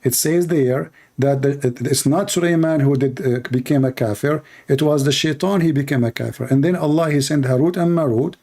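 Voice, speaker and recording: A man's voice: on the high side, a little fast, few pauses, warm tone. A man hosting a live call-in debate show in slightly broken English, mocking and taunting his callers.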